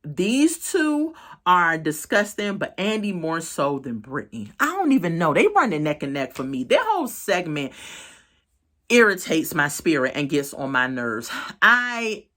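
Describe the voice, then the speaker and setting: A woman giving casual, expressive commentary on a reality show, with sharp swings in pitch for emphasis. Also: a little slow.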